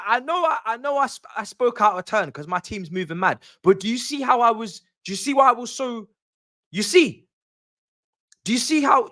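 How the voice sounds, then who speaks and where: A young man hosting a football watch-along stream, ranting casually and repeating himself as his voice swings from low grumbles to high outbursts. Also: fairly bright tone. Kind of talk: casual live-stream rant.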